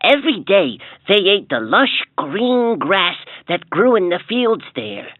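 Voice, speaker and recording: A man reads a children's storybook aloud with clear, expressive narration. His voice sits a bit high and swings widely. The sound comes through a tinny, dry toy speaker. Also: measured pace.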